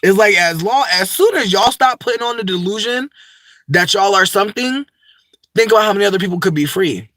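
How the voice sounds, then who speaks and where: A man's voice: high voice, lively intonation, brisk, a bit bright, no echo. A young man, rambling in a profane, campy, unscripted vlog monologue full of asides. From United States. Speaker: vlogger.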